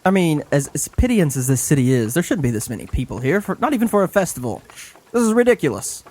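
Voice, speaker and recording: A man's voice: a little high, fast. A man playing a tabletop game, chatting casually and playfully. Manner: playful, animated. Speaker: player.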